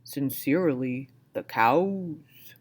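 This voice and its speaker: A woman voicing polite cows, reading their letter slowly and formally. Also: rumbling low, animated, pitched below the performer's own voice, heavily acted. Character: polite cows writing a note.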